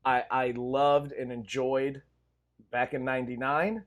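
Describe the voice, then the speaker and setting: A man's voice: mid-range voice, little pitch movement, unhurried. A man co-hosting a casual movie review chat, enthusiastic, laughing often and swearing freely. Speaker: podcast co-host.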